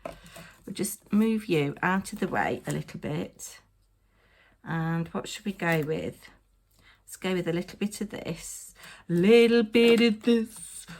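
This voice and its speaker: A woman's voice: lowish voice, creaky, a little mellow, slight background noise. A tired woman giving a chatty crafting narration, muttering to herself with playful asides.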